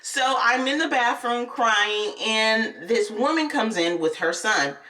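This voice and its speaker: A young woman vlogger telling a personal story in casual, candid chat, animated and often laughing. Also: on the high side, slow, far from the mic.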